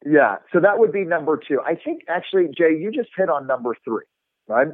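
A man coaching sales technique in an animated, instructive way, demonstrating tones with his own voice, heard over a remote line. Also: a little high, fairly quick, no echo. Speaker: sales trainer. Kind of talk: instructive podcast talk. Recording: tinny phone-like line.

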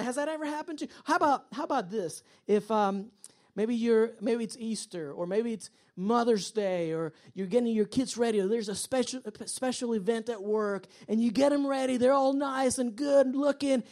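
A woman preaching a sermon. She tells stories with energy and acts out the voices of the people in them. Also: on the high side. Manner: animated storytelling, acts out quoted voices. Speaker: pastor. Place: church.

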